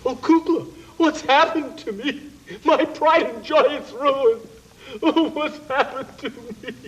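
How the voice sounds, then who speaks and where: A man's voice: high voice, lively intonation, normal speed, a little mellow, rough recording. A man voicing a vain, melodramatic dragon puppet who moans and wails over his troubles. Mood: moaning. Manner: moaning, melodramatic wailing.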